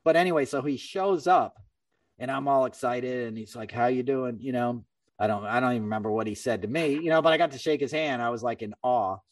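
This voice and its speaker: A middle-aged man hosting a podcast, telling a story in a casual, animated way and acting out other people's lines. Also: medium pitch, brisk, dry recording, distant mic. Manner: animated, acts out quoted voices. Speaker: podcast host.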